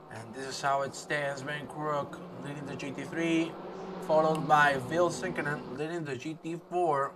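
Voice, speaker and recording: A man doing live commentary on a sim race, excitable and swinging from quiet asides to loud outbursts. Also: a little high, recorded from a distance, background noise.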